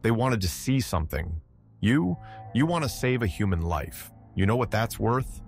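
A man's voice: fairly low pitch, animated, moderate pace, creaky, faint music behind, voice pushed up. A man doing a gleeful, menacing devil stranger. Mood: gloating.

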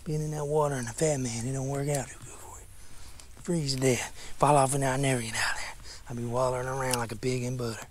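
A man's voice: medium pitch, steady tone, fast, a little hiss or hum. Chatty Southern US fishing vlogger, man. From Tennessee. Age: 30s. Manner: chatty, rambling, swears at mishaps. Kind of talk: casual self-talk while fishing.

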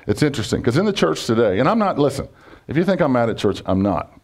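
Pastor, male, chatty sermon full of questions to the room, medium pitch. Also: very animated, fast talker. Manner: conversational, jokey, asks congregation questions.

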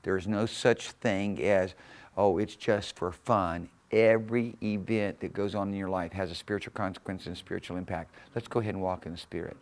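A man with a low, gravelly voice preaches to a church congregation. He drives his points home with sudden loud surges and easy chuckles. His words carry the conviction of a seasoned pastor at the pulpit. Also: fairly even intonation, fairly quick, few pauses. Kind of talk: sermon. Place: church sanctuary.

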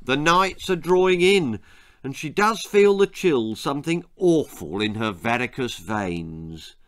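A man's voice: medium pitch, lively intonation, measured pace, clean tone, no echo, clean studio sound, natural voice. A man voicing a mild but probing middle-aged father.

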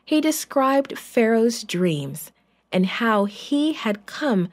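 Slow, gentle woman storybook narrator. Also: fairly high pitch, sing-song. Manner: gentle, clear and deliberate. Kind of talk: children's Bible story narration.

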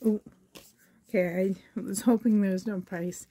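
A woman's voice: medium pitch, steady tone, moderate pace, dark tone, breathy edge. A woman vlogger from Canada unboxing gifts in casual chat to the camera, gushing and exclaiming over each item, sore and a little strained in the voice. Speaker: reborn doll vlogger.

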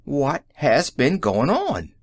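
A man reading the part of a shaken middle-aged police sergeant in an audiobook, with a hoarse, blunt way of talking. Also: mid-range voice, wildly swooping pitch, slow pace, heavily acted. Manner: blunt, plain street talk.

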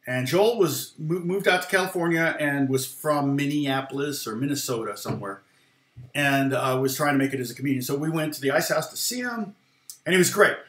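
Guitar teacher guy, middle-aged, rambly with ums and laughs, bright sound, roomy echo. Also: fairly high pitch, fairly quick. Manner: rambling, many fillers and restarts, laughs often. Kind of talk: casual storytelling aside.

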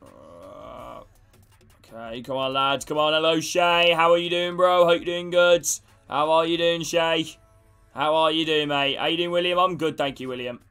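A man's voice: a little high, steady tone, normal speed, a bit bright, clear, resonant tone, faint music behind. A young man streaming a football video game, greeting his chat and geeing up his teammates, with casual swearing. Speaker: gaming streamer. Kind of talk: live gameplay chat with viewers.

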